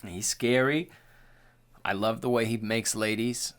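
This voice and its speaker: A man's voice: fairly low pitch, measured pace, clear, resonant tone. A young man co-hosting a podcast, talking casually and profanely, acting out quotes. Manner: animated, profane, acts out quoted lines. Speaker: podcast co-host. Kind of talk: casual chat.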